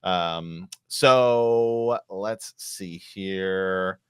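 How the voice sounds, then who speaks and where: A man co-hosting a podcast, chatting casually as he reviews a TV episode, animated and acting out characters' lines. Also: deep voice, clean tone, no echo, studio quality. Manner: animated, quick bursts, acts out characters' lines. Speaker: podcast co-host.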